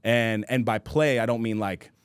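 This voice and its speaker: A man's voice: mid-range voice, fairly even intonation, moderate pace, clear, resonant tone, no room sound. Chill podcast dude in his 30s, slangy, says bro a lot, dry close mic. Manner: loose slangy talk, says bro a lot, laughs easily. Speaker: podcast host. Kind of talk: casual storytelling chat.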